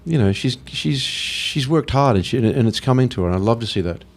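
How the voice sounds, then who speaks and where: A man's voice: medium pitch, lively intonation, brisk. Enthusiastic Australian man, laughing guest. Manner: enthusiastic, laughs often, breaks into playful impressions. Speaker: guest actor. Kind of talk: casual interview chat.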